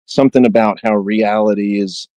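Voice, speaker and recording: A man with a lowish voice talks through a book in relaxed podcast chat, full of fillers and asides. He reads quoted passages aloud with a little dramatic lift. The sound is dry and close, with no room around it. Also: moderate pace, dry recording, poor audio. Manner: conversational, many fillers, reads quotes with light dramatic emphasis. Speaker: podcast co-host.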